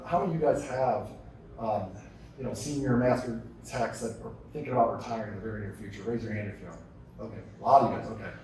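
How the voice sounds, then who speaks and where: A man giving a live talk to an audience, telling stories and firing off rhetorical questions. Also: medium pitch. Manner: energetic storytelling with rhetorical questions. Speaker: keynote speaker. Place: large conference hall. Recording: echoey hall, distant mic.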